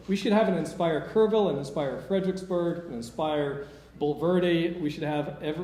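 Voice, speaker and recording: A man's voice: on the high side, a little mellow. Man giving a workshop talk. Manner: informal, self-interrupting, encouraging. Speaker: workshop speaker. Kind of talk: conference talk. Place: lecture room. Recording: echoey room with faint noise.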